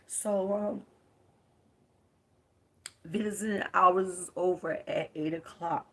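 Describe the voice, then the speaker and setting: A woman's voice: on the low side, steady tone, takes it slowly. A young woman with a Baltimore accent, speaking to her viewers on a live stream in a grieving, confiding way. Her voice often drops to a whisper, and she is recorded close on a phone.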